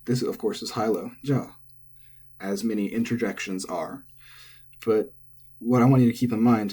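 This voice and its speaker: Male language tutor, low husky voice, offhand self-correcting lecture. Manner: relaxed, thinking aloud, self-correcting. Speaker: language teacher. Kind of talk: casual lecture on pitch accent.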